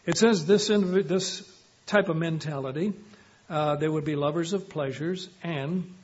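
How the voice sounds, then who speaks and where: A man preaching a sermon, measured and emphatic, often quoting scripture. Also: on the high side, slight background noise. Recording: dull lo-fi recording.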